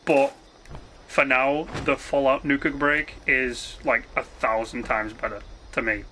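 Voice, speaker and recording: A man's voice: medium pitch, little pitch movement, a little slow, sharp tone, slight background noise. A man ranting casually on a live game stream, swearing freely, rambling and restarting his sentences. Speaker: gaming streamer.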